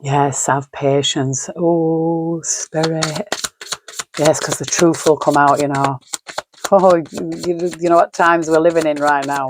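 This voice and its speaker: A middle-aged woman talks her way through a tarot spread on a home camera mic. Her voice sits a little low, and she muses aloud, murmuring single card words with frequent sighs. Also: steady tone, slow pace, background noise. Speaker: tarot reader. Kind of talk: solo tarot reading monologue.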